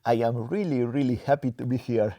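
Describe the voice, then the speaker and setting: A Spanish man with a mixed Spanish and French accent, a guest giving relaxed, self-deprecating answers and sometimes searching for words. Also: medium pitch, a little fast. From Spain. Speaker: interview guest, developer advocate. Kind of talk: casual interview answers. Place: conference venue in a cinema.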